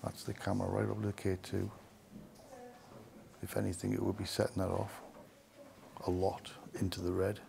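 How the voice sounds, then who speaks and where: A man with a low, heavily gravelly voice hosts a ghost-hunting walkthrough of an old house. He keeps his voice down and speaks in a hushed way, and a steady hiss from the camera sits under his words. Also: normal speed, pauses often. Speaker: paranormal investigator host. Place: rooms of a large historic mansion, indoors.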